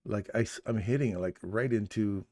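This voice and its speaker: Talking himself through his audio settings, a trading livestream host chats casually and cracks jokes. His voice sits on the low side, a little fast and mellow, captured with a studio condenser mic.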